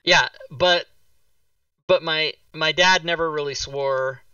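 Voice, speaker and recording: A man hosting a casual talk show stream, telling stories in a lively, joking way. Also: on the high side, takes it slowly, smooth, no echo, far from the mic, lo-fi sound. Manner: storytelling, animated, jokey. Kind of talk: casual livestream chat.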